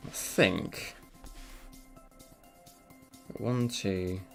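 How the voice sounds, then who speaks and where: A man's voice: low voice, drawn-out words, creaky, fairly bright tone, faint music behind. A man chatting casually on a live stream while he draws, rambling with self-deprecating asides into a desk mic. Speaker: live-streaming digital artist.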